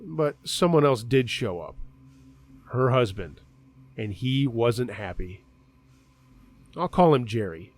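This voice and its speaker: Man, storyteller, conversational first-person retelling, animated pitch, mid voice. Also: slow, pauses often. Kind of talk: scary story narration.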